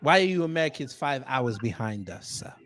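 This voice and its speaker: A man doing a pompous, mock-posh British gentleman in comedic banter, clipping "sir" onto nearly every line. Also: mid-range voice, very animated, fairly quick, a little hiss or hum, pitched below the performer's own voice. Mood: prim.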